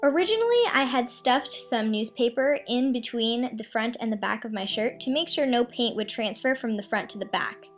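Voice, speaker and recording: A woman's voice: on the high side, expressive, normal speed, hardly any pauses. A young woman hosting a casual do-it-yourself tutorial, walking through the steps in a friendly way with frequent ums. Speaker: craft tutorial host. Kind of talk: casual DIY tutorial narration. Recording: faint background music.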